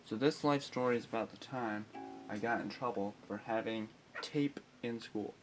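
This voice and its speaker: A man's voice: lowish voice, normal speed, over music. A teenage boy telling a profane comic story about school, ranting with constant swearing and exasperation. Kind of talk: profane comedic storytelling with guitar.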